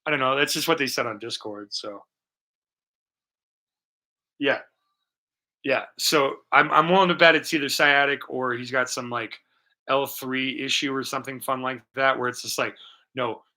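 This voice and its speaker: A man's voice: medium pitch, pushed and bright. A man hosting a painting livestream, rambling in casual, profane, jokey chat with his viewers. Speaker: livestream art host. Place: home studio.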